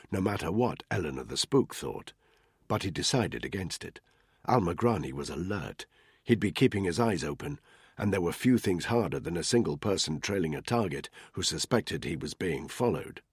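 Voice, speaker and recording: A man narrating a thriller audiobook in a tense, measured storytelling manner. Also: deep voice, breathy edge, dry recording, clean studio sound. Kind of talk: scripted narration.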